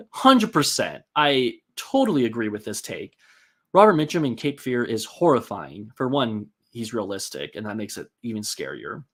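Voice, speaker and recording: A man's voice: medium pitch, a bit bright. A man hosting a casual live-stream, rambling and chatty with many ums and likes as he reads out and answers viewer comments.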